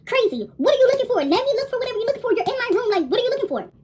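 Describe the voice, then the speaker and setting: A furious mother voiced by a woman telling a story, very high and swooping as she fires off questions at top speed. The recording has a clearly audible noisy background. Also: sing-song. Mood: angry. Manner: shrill, rapid and exasperated. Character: angry middle-aged mother, shrill and demanding.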